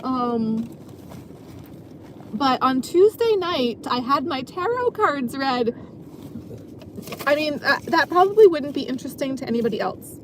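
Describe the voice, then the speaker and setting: Woman vlogger, slightly high pitch, rambling, self-deprecating, laughs a lot; recorded in a car. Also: expressive, a little slow, long pauses, a little hiss or hum. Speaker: vlogger and dancer. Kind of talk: rambling casual monologue. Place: parked car.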